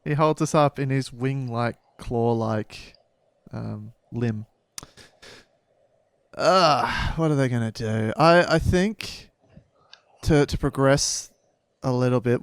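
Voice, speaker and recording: A man's voice: medium pitch, clear, resonant tone, dry recording, studio quality. A man co-hosting a casual book podcast, rambling and joking with lots of fillers, with a slight head cold. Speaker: podcast co-host.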